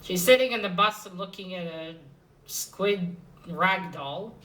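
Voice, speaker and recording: A woman's voice: on the low side, unhurried, a bit bright, distant mic, rough recording. A woman casually recapping a comic book issue, rambling and hesitant, with many fillers and restarts.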